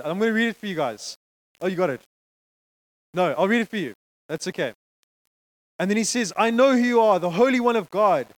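High-voiced man preaching a lively sermon. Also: dry recording, low-quality recording. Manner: lively, conversational preaching with frequent "okay?" asides.

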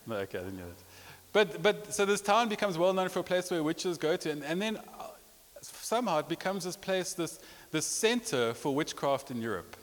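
Pastor in a reverberant hall. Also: male voice, on the high side, sing-song, normal speed, hardly any pauses. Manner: storytelling with rising emotion and repetitions. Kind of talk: sermon. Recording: long reverb of a large hall.

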